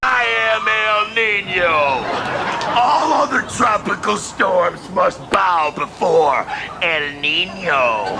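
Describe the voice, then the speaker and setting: A man's voice: creaky, exaggerated voice. An actor playing a pompous, blustering man who claims to be a storm, in a sketch-comedy clip. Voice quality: booming, pompous. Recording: clip with loud music under it.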